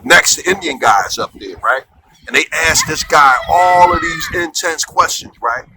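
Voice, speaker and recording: A man telling a comic story in an animated, colloquial, conversational way. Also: a little high, moderate pace. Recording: clear background noise.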